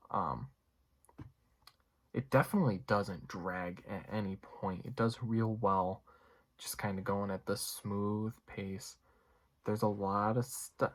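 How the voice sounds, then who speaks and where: Rambling young man reviewing a movie. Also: lowish voice. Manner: rambling, lots of fillers and you-knows. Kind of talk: casual spoken movie review.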